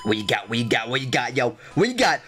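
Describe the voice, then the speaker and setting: A young man giving excitable, trash-talking game commentary as a let's play host, repeating his lines. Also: medium pitch, fast, soft background music.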